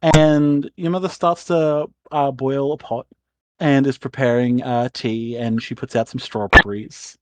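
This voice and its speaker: A man's voice: medium pitch, fairly even intonation, unhurried. A man narrating as game master in a loose, rambling way, swearing casually.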